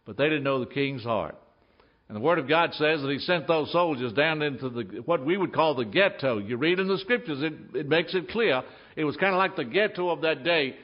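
A man's voice: a little high, expressive, brisk, highs cut off. Man preaching an emphatic story sermon. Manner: emphatic storytelling, acting out scenes. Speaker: pastor. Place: church.

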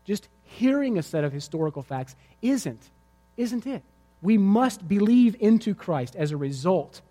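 A man's voice: a little high, mellow, in a large hall. A male pastor preaching a sermon to his congregation, telling a vivid story and driving his points home with emphatic repetition. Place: church sanctuary before a congregation.

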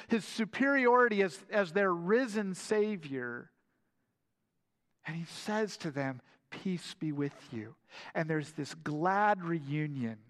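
A man preaching a sermon in a lively, storytelling manner, often stumbling over and repeating his words. His voice sits high for a man. It rings out with a long reverb, as in a big church sanctuary. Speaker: pastor.

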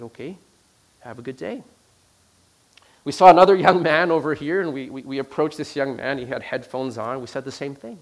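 In a sermon, a medium-pitched man shares a personal story, often repeating words and starting sentences over. He alternates between loud, emphatic moments and quiet, hushed ones.

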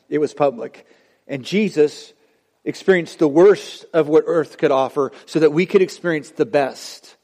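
A man preaching a sermon as pastor, swinging between loud passionate peaks and hushed low passages. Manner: dramatic preaching, voice rising and dropping sharply. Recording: long hall reverb.

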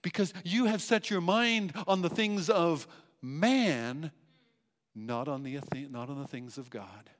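A man's voice: a little high, expressive, takes it slowly. A man preaching a sermon, emphatic, asking rhetorical questions and repeating phrases. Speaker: pastor. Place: church hall. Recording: long hall reverb.

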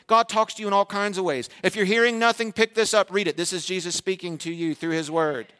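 A male pastor preaching a sermon in a high, bright, forceful voice. He keeps asking the congregation direct questions and answers them himself. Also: normal speed. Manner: asks the congregation rhetorical questions and briefly acts out their replies.

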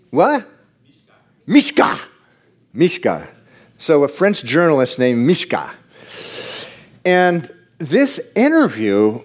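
A man preaching a sermon to a congregation, moving from hushed, slow passages to loud, excited bursts. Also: mid-range voice. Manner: animated preaching, jumps between hushed and loud. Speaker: pastor.

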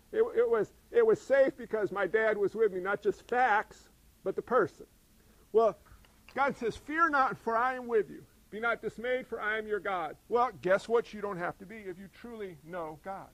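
A man preaching a sermon, animated and asking his listeners questions. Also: high voice, rough recording. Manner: animated, asks the congregation questions. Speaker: pastor.

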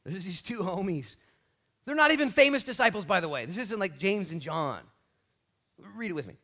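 A man pastor teaching a sermon Bible study in a church, animated and casual, with slangy jokes and asides. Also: high voice, moderate pace.

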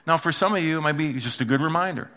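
A middle-aged male pastor preaching a Sunday sermon, telling stories with humor and acting out yelled calls and hushed asides. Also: a little high, quick pace. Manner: playful storytelling, acts out yelling and whispering.

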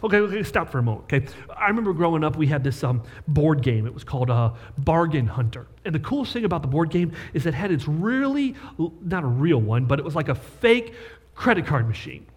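A man's voice: fairly high pitch, sing-song, a little fast, breathy edge, long reverb tail. A man preaching a sermon as pastor, talking conversationally and checking in with rhetorical questions.

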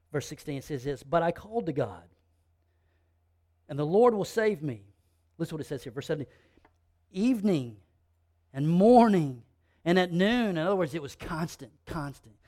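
A man with a high voice delivers a sermon. He hammers home each point through repetition, rising to forceful emphasis and then dropping to near-whispers. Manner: emphatic, repetitive preaching with swings from loud to hushed. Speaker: pastor.

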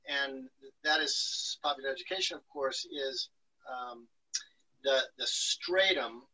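Male host, video call, husky, bright and sharp, distant mic, halting. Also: medium pitch. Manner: halting, filler-heavy academic phrasing. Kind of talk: online event moderation.

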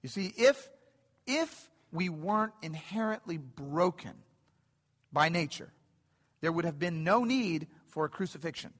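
A middle-aged man delivers a sermon in an animated way, repeating phrases as he builds toward excited high points. His voice sits a little high for a man. It rings out with long reverb through a church sanctuary. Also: a little slow. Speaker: preacher.

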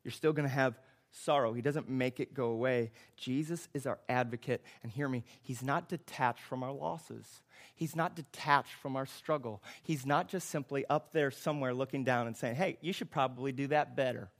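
Male pastor, bright tone, emphatic repetitive sermon delivery that rises to loud impassioned peaks. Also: medium pitch, normal speed. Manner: preaching, swells to loud impassioned climaxes.

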